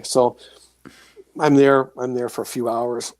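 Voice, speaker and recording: Gravelly man telling a story. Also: medium pitch, measured pace, dry recording. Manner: animated storyteller, acts out voices and sounds. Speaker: guest, author and paranormal experiencer. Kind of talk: storytelling in a casual interview.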